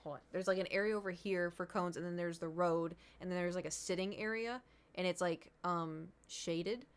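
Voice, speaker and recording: A woman's voice: fairly low pitch, normal speed, clean tone. A young woman streamer casually telling a long story to her chat, acting out what her friends said, rambling and restarting. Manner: animated, acts out quotes of friends, rambling with restarts.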